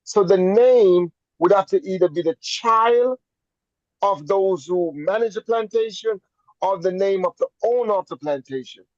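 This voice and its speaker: Emphatic Jamaican man with a high voice, a talk-show guest who repeats phrases to drive home his point. His sound is dull and dry, as if coming over a remote call. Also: measured pace, dry recording. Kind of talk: conversational storytelling on a talk show.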